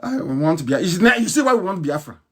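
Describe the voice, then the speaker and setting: Scornful, husky man ranting. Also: high voice, sing-song, a little fast. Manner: scornful ranting, rhetorical questions, bursts of shouting. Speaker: political activist broadcaster. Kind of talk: impassioned live broadcast speech.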